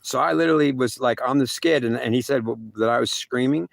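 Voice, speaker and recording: A man's voice: mid-range voice, quick pace, creaky, no room sound. A man telling a rambling first-person story, repeating himself and filling with "like" and "literally.".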